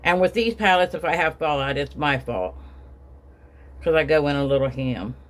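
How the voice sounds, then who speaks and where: Middle-aged woman, chatty makeup vlogger, lowish voice, rambling storyteller. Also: lively intonation, normal speed. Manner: chatty, rambling, acts out quotes with raised voice. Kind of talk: casual storytelling while doing makeup.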